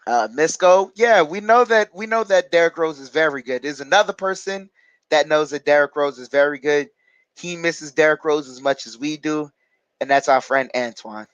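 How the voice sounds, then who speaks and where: Here a man with a slightly high, fairly bright, clear and resonant voice speaks at a normal pace. He's hosting a live basketball watch-along, casually reading viewer chat comments out loud and replying, chatty and full of hesitant fillers. No echo, but the audio sounds dull.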